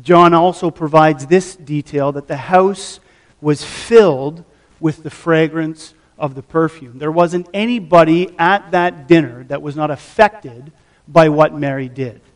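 A middle-aged pastor preaching a sermon, teaching the passage and putting questions to the congregation. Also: male voice, on the high side, unhurried. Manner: teaching, asks the audience questions.

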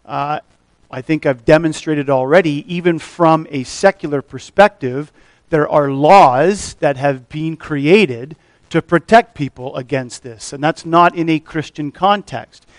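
A man preaching a sermon to his congregation, explaining a scripture passage in a measured teaching way with frequent pauses and fillers. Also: fairly high pitch, no room sound. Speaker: pastor.

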